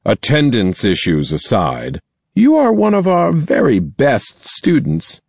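A man voicing a stern middle-aged female school principal in an audiobook, formal and slow. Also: medium pitch, wildly swooping pitch, gravelly, darkish tone, slightly rough, no room sound, lo-fi sound, voice pushed up, heavily acted. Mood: grudging. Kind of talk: audiobook character voice.

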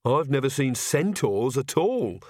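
A man's voice: medium pitch, sing-song, measured pace, darkish tone, dry recording. A nervous young witch woman, hesitant and flustered, in a lifted voice, as a man reading puts her on. Close, dry sound.

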